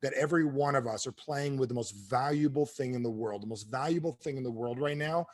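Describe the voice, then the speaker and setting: A middle-aged man giving a motivational sales talk to an audience, telling stories quickly and with animation. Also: medium pitch. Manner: fast-talking, animated storyteller. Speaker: sales trainer and speaker.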